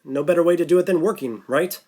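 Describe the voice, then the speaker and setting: A woman's voice: on the low side, quick pace, dark tone, lightly acted. A man voicing a weary young woman who jokes lightly in an audiobook. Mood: wry. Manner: light, wry. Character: weary young woman diver, joking through stress.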